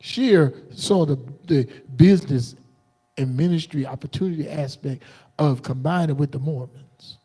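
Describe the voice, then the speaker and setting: A man preaching a combative, defiant sermon on a livestream, jumping into sudden high outbursts. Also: normal speed, mellow, breathy edge. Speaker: preacher streaming live.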